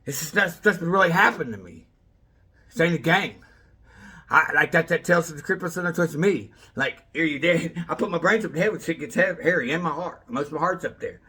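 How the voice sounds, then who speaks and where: Rambling man with a higher voice. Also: expressive, a little fast, sharp tone, husky. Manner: rambling, addresses people by name; jumpy, trailing off mid-sentence. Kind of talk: rambling monologue to camera.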